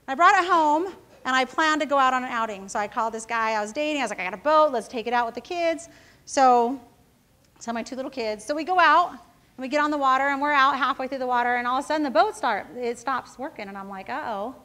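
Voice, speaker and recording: A woman's voice: high-pitched, fast talker, bright, forceful tone. A woman who founded a company, giving a casual motivational talk to students, telling self-mocking stories and often checking in with the audience. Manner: casual storytelling, often asking the audience "right?".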